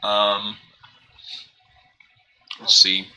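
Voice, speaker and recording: A man's voice: lowish voice, drawn-out words, low-quality recording. A young man chatting casually on a live game stream, rambling and questioning himself, with frequent laughs. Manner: rambling, self-questioning, animated, laughs often. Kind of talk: casual live-stream chat while gaming.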